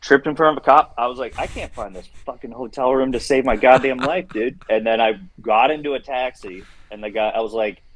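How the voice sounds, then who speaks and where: A man casually telling a rambling night-out story, laughing and animated as he quotes people. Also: mid-range voice, fairly quick, few pauses, slight background noise, poor audio. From Tampa Bay. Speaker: radio show regular calling in.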